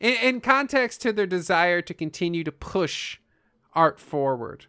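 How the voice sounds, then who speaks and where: A man's voice: high-pitched, sing-song, measured pace, bright, forceful tone, smooth, no echo, clean studio sound. A man hosting a comic chat with a mock-formal, announcer-like delivery. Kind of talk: mock-serious comedic presenting.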